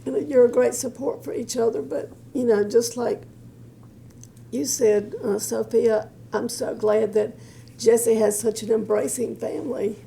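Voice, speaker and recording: A middle-aged mother speaks affectionately to her daughter. Her voice is slightly high with a gravelly fry. A faint hum sits underneath. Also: steady tone, unhurried, poor audio. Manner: warmly affectionate and emotional. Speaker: bride's mother. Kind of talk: heartfelt personal message.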